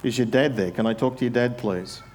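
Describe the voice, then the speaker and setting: Man doing a bewildered pastor on a call, polite questions rising in pitch. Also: brisk, darkish tone, a little hiss or hum, natural voice. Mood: puzzled, insistent. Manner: rising, increasingly puzzled questions. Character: puzzled adult male pastor calling a home.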